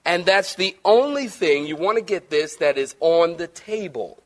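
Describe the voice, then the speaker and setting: In church, a man preaches with lively energy, shifting between loud stresses and soft, kind moments and joking with the people in the pews. His pitch sits a little high and he speaks at a normal speed.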